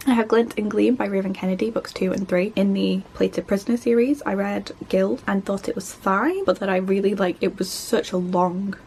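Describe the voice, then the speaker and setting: A woman chatting casually as a book vlogger, rambling quickly and poking fun at herself. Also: medium pitch, vocal fry, a little mellow, slight background noise. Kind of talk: casual chat.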